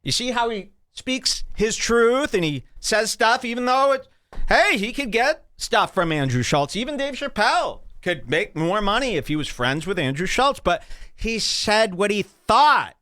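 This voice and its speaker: A man's voice: sits high, a little slow, no room sound, studio quality. A man hosting a podcast, reacting to clips with casual, mocking commentary. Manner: animated, mocking, jumps between loud and quiet.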